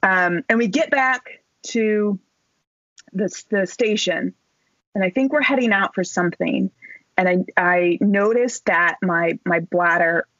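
A woman tells a story at a lively clip, chatty and salty, mimicking the people in it. The audio is a little dull and lo-fi. The room sounds dry and close. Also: mid-range voice, a little slow, no room sound. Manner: animated, chatty, salty language, acts out quotes. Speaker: guest, Marine Corps major. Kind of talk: casual storytelling.

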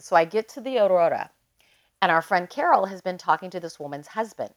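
Podcast guest, woman, slightly low voice, animated storyteller, lots of "like". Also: moderate pace. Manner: animated, emotional storyteller who leans on "like". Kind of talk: casual interview storytelling.

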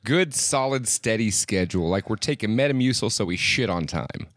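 A man's voice: on the low side, animated, moderate pace, fairly bright tone, dry recording, clean studio sound. A man co-hosting a podcast, teasing his partner with crude joking remarks. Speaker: podcast co-host. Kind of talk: casual chat.

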